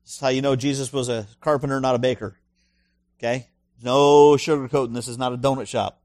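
A man's voice: medium pitch, steady tone, fairly quick, darkish tone, dry recording, studio quality. A male pastor preaching a sermon in an emphatic way, full of rhetorical questions and punchy asides.

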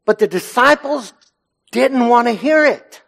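A man preaches a sermon from a church pulpit. His voice sits fairly high for a man, and he speaks earnestly and with emphasis. His phrase endings often sink low and quiet. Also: expressive, unhurried, gravelly. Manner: earnest, emphatic, lets phrase ends drop low and soft. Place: church sanctuary.

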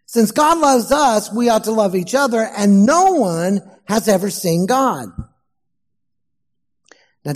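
A man preaching a sermon as pastor, slow and emphatic, asking the congregation questions. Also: high voice, darkish tone, in a large hall.

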